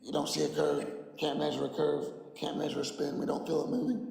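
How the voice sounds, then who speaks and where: A man's voice: a little high, level tone, a little fast, vocal fry, darkish tone, roomy sound, big-room sound, poor audio. A man giving a combative, mocking livestream rant, his voice worn out. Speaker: flat earth streamer. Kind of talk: ranting livestream monologue.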